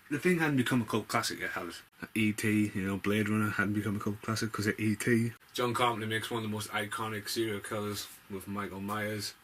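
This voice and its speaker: A man's voice: fairly low pitch, a bit bright, a little hiss or hum. A man giving a casual, rambling film review vlog, blunt and full of swearing.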